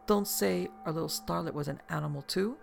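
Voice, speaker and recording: Storybook role: narrator doing a jovial house doctor, brisk, gravelly. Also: mid-range voice, soft background music. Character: breezy, joking man house doctor.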